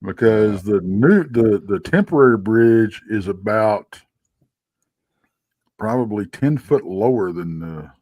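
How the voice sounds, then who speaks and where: A man's voice: lowish voice, expressive, slow pace, darkish tone, no echo. A tired man, a regular on a live show, telling rambling stories in casual chat with lots of restarts. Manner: rambling storyteller with many restarts. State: tired, yawning late at night. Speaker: regular panelist.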